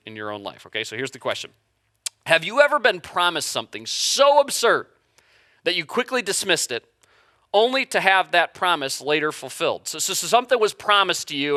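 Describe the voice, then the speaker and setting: A man's voice: a little high, sharp tone, no echo, studio quality. A man in his thirties, a pastor giving a conversational livestreamed sermon, joking and often restarting words.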